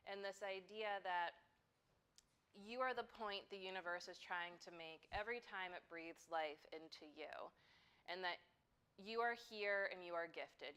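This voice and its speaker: A woman's voice: fairly low pitch, clear, resonant tone. A middle-aged woman leading a yoga class in an easygoing, conversational way, speaking to the students in the studio. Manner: relaxed and conversational, with frequent "um" and "like". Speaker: yoga teacher. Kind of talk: casual talk to a yoga class.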